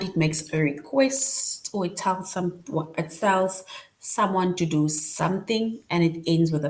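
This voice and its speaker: A woman teaching a children's grammar lesson online, explaining patiently and often checking in with "right?". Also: fairly low pitch.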